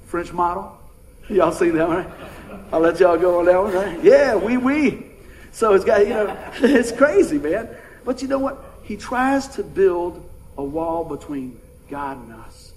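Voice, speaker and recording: A middle-aged pastor with a high voice preaches in a folksy, conversational style, calling out to his congregation. The recording is rough, with slight background noise.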